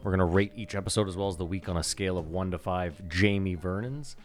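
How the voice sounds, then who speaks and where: A man with a very low voice hosts a casual podcast, joking around and laughing easily with his friends. Faint music sits behind him. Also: fast. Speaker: podcast host.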